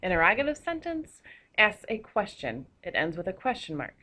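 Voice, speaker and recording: A woman's voice: mid-range voice, sing-song, normal speed, bright, forceful tone. A woman teacher giving a recorded grammar lesson, explaining patiently with a few fillers.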